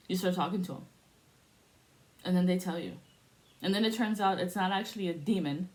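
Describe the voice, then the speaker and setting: Profane, animated woman in her forties. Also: on the low side, brisk, long pauses. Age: 40s. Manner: profane, animated storytelling with laughs. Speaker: spiritual vlogger. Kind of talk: casual monologue.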